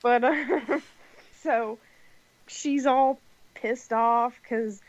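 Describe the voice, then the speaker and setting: A woman's voice: a little high, very slow. A woman co-hosting a podcast, chatting casually and laughing often. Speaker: podcast co-host. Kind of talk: casual storytelling chat. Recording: dry, dull lo-fi mic.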